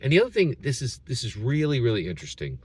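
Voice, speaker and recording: A man's voice: mid-range voice, quick pace, breathy edge, dry recording. A man hosting his channel, telling a story as a rant and tagging his sentences with "right?". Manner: animated, tags sentences with "right?". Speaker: channel host.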